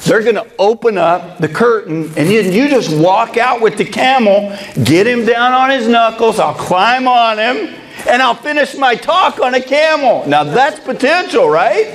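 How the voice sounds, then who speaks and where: A middle-aged man, a baseball coach, giving a motivational keynote and telling an animated, comic story with quoted dialogue. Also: very high voice, measured pace, slight background noise.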